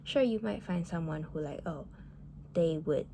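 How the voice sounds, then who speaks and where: A woman's voice: low-pitched, normal speed, gravelly, heavy background noise. A woman venting about relationships in a casual monologue, blunt and heated, swearing often and filling her talk with "like".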